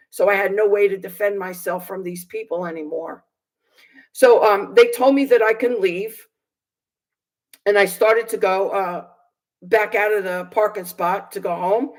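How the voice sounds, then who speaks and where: In a medium-pitched voice on a rough recording, a Bible teacher on a video channel tells a personal testimony. He sounds aggrieved, indignant and hesitant, with lots of fillers and restarts.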